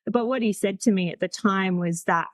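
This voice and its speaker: A woman's voice: medium pitch, normal speed, dry recording. A woman in her forties, a podcast guest, telling her story in a chatty, frank way and laughing easily. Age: 40s. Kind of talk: casual storytelling.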